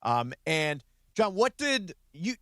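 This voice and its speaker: A man's voice: sits high, very animated, takes it slowly, pushed and bright, no echo, studio quality. An older man co-hosting a sports radio show, chatty, wry and full of opinions. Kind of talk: casual sports radio chat. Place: radio studio.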